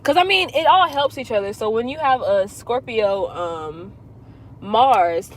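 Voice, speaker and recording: A woman's voice: on the high side, measured pace, noisy background. Blunt, profane woman chatting in her car. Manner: blunt, profane, animated storytelling. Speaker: astrology reader. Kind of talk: casual livestream chat.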